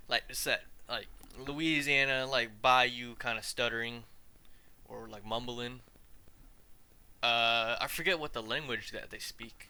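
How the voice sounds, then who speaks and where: Bright, crisp-voiced man ranting casually. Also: mid-range voice, fairly even intonation, a little slow. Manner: rambling and profane, trailing off into asides. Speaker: podcast host.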